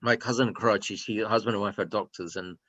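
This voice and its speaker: Bright heartfelt middle-aged man. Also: on the low side, steady tone, quick pace, no echo, highs cut off. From Pakistan. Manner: heartfelt, repeats phrases and restarts. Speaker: guest, food and hospitality consultant. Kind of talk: personal interview conversation.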